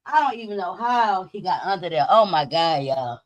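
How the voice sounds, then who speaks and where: A woman hosting a casual live stream, talking straight to her viewers in an excitable, profane way. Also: a little high, moderate pace, few pauses, dry recording, studio quality.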